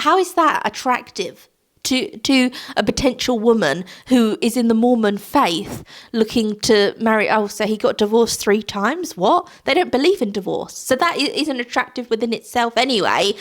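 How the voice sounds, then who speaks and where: A young woman casually recapping a reality TV episode, chatty and exasperated, firing off rhetorical questions. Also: on the high side. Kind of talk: casual recap chat to camera.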